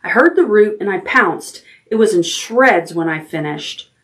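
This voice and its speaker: A woman voicing an eager young owl in a storybook, proud and excitable. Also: medium pitch, measured pace. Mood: boastful.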